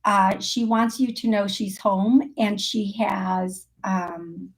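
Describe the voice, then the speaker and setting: A woman's voice: mid-range voice, steady tone, slow. A woman hosting a live psychic call-in show, chatting through readings with frequent laughs and fillers. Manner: chatty, laughs often, thinks aloud with fillers. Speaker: psychic medium host.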